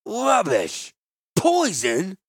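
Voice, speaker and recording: A man's voice: huge pitch swings, dry recording, clean studio sound, full character voice. A man voicing a fat, furious middle-aged wine merchant who roars and shrieks his words, drawing them out in outrage, in a storybook reading. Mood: outraged. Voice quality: roaring, shrill. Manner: outraged, drawn-out shouting.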